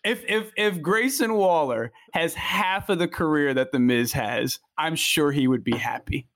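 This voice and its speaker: A man co-hosting a casual podcast. He talks in an animated, indignant way with stammered restarts. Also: on the high side, a little slow, no room sound, clean studio sound. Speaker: podcast co-host.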